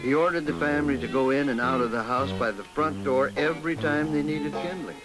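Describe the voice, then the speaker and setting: A man reading a ghost story aloud in a measured way, slowing down for suspense. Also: fairly high pitch, poor audio. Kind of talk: scripted ghost story narration. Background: instrumental music.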